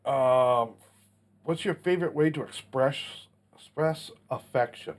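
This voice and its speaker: Blunt, down-to-earth man in his 40s, mid-pitched, casual solo vlog delivery. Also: slow. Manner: blunt, plainspoken, mildly profane. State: has the hiccups. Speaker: channel host answering a Q&A.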